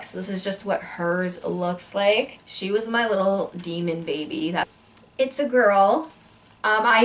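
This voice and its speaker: A young woman telling a casual storytime vlog, full of likes and ums, jumping into high voices when she acts out quotes. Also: fairly bright tone. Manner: filler-heavy, many likes and ums.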